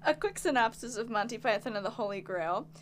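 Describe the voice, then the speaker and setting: A woman's voice: a little high, animated, a little fast, slight background noise. A young woman hosting a film podcast in casual chat, bubbly and laughing often. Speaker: podcast host.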